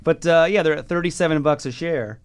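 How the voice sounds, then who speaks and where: A man co-hosting a casual podcast, joking around, laughing often and slipping into mock advert pitches. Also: a little fast, clean tone, no room sound. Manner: animated, laughs often, jokey ad-style bits. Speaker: podcast co-host. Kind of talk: casual comedic chat.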